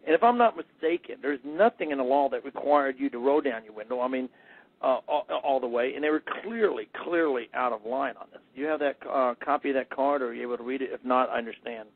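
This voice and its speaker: A man's voice: mid-range voice, fast, dry recording. Blunt male radio host, dry phone-like sound. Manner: blunt, sarcastic, plain-spoken. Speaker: radio talk show host. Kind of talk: radio interview.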